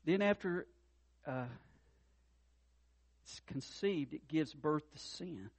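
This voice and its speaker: A middle-aged man preaching a sermon as pastor, earnest, dropping soft and low then rising to loud impassioned peaks. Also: animated, slow. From North Carolina.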